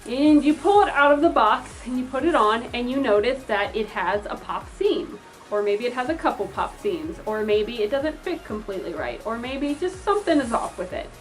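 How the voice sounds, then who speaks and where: A woman's voice: a little high, animated, normal speed, faint music behind, rough recording. A young woman who makes fursuits, giving chatty advice to customers and pleading with them while acting out the messages they might send. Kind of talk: casual advice vlog.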